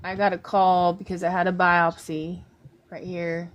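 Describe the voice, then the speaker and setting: A woman guest on an interview show, a visiting artist, speaks in a lowish voice with little pitch movement and a measured pace. In casual interview talk, she tells a painful personal story, rambling and emotional.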